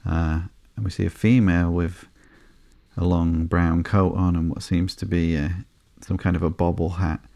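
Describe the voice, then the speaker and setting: A man hosting a podcast, reading through a comic book in a slow, sleepy, monotone way with soft fillers. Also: low-pitched, gravelly, dry recording. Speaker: podcast host.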